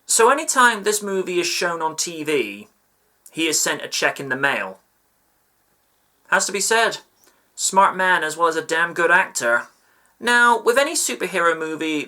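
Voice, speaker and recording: A man narrating a scripted film review with measured, admiring commentary. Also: on the high side, bright, forceful tone.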